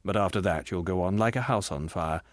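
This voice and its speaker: A man reading the part of a gentle, patient spirit who calmly explains things to his grieving sister in an audiobook. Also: low voice, a little fast, no echo, clean studio sound, natural voice. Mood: gentle, soothing. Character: patient, gentle bright spirit, the ghost's brother.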